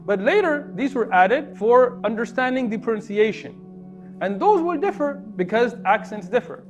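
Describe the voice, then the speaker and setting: A man explaining religious history to an audience, often pausing to ask them questions. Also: extremely high pitch, highs cut off, soft background music. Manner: asks the audience questions, lively emphasis. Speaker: Muslim speaker teaching non-Muslims.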